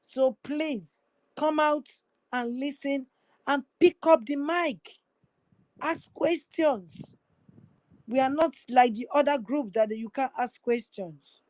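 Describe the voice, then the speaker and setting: Woman host, exhorting and repetitive, slightly high voice, slow delivery. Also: a little mellow, dry recording, rough recording. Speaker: host of an online audio space. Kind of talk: impassioned appeal to listeners.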